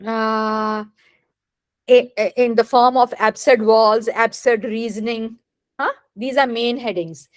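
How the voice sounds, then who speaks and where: Her voice is fairly high and steady in tone, recorded without any room sound. A woman literature teacher, she lectures deliberately and often asks the class rhetorical questions to confirm they follow.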